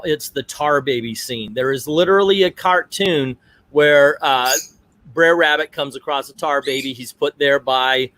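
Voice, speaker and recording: A man's voice: fairly high pitch, a bit bright. A middle-aged man hosting a casual livestream, chatty and digressive, turning aside to talk to his family. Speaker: livestream host.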